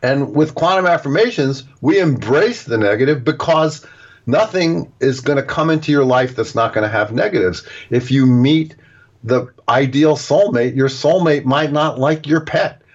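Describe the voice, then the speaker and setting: A man's voice: medium pitch, lively intonation, normal speed. Man with dull lo-fi sound, rambling explainer. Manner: digressive, explaining with acted-out examples. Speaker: author and guest. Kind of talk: casual interview talk. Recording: dull lo-fi audio.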